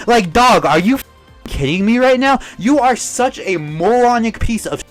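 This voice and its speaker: A man's voice: high-pitched, very animated, moderate pace, faint music behind. Heated young man ranting on commentary. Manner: heated, ranting, swears and repeats "dog". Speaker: commentary YouTuber. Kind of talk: angry reaction commentary.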